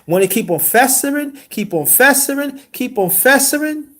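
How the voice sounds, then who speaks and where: High, bright-voiced man preaching on a livestream. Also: expressive, normal speed, a little hiss or hum. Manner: preachy, drops to whispers for emphasis. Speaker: livestream host. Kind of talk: casual livestream commentary.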